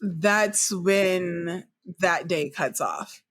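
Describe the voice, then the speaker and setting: Slow, deliberate woman game master. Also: lowish voice, animated, fairly bright tone, no echo. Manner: slow, deliberate storytelling with casual slang. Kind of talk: narrating a tabletop game.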